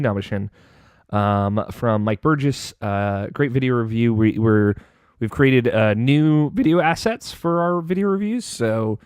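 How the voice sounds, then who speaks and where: A man's voice: on the low side, a little mellow, dry recording. Guy hosting a game podcast, rambly, lots of ums, dry close sound. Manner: rambling, many fillers and restarts. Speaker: podcast host. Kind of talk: casual podcast chat.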